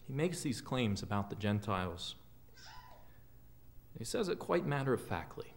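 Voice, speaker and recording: A man preaching a sermon as a pastor in a church, earnest and often dropping quiet at the ends of phrases. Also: lowish voice, sing-song, normal speed, pauses often, a little hiss or hum. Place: church sanctuary.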